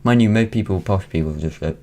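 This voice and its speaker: A Welsh lad in his late teens with a British accent talks in a low, brisk voice over heavy noise. He rambles through a casual vlog at home, full of ums and false starts.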